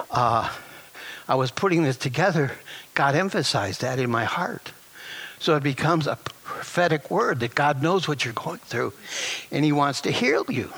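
High, bright-voiced preacher man. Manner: animated, emphatic preaching with chuckles and rhetorical questions. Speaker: pastor. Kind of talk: sermon.

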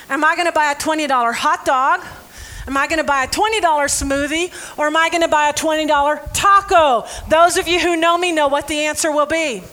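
A woman preaching a sermon, reading scripture and joking with her audience in an animated, playful way. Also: very high voice. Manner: animated and playful, laughs often; involves audience members.

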